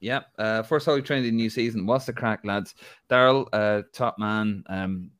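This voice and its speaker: A man's voice: lowish voice, fairly even intonation, moderate pace, a bit bright, no echo, clean studio sound. An Irish man co-hosting a casual live football chat show, joking, rambling and laughing as he talks. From Ireland. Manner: jokey, rambling, laughs often. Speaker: podcast co-host.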